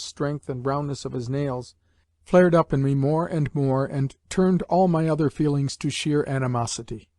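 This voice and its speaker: A man narrating a classic novel as an audiobook reader, in a measured storytelling manner. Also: fairly high pitch, a little mellow, no echo, studio quality. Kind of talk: scripted narration.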